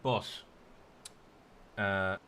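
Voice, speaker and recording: A man's voice: low voice, fairly even intonation, drawn-out words, bright, forceful tone, slight background noise. A man commentating on a sim race in casual chat, rambling with playful asides.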